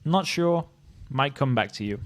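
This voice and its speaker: A man's voice: medium pitch, animated, a little slow. Chatty Welsh man ranking leaders. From Wales. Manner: chatty and opinionated, thinking aloud with frequent "um"s. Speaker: history channel host. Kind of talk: casual tier-list commentary.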